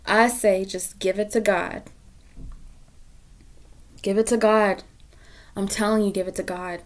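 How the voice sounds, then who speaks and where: A woman giving a pick-a-card tarot reading to camera. She is blunt and profane, repeats phrases for emphasis, and swings between loud emphasis and hushed asides. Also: mid-range voice, steady tone, unhurried. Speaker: tarot reader.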